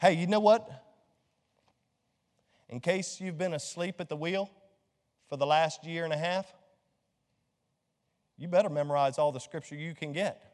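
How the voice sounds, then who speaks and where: High-voiced pastor preaching in a reverberant hall. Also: male voice, measured pace, pauses often. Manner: lively, joking, quizzes the congregation. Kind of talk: sermon.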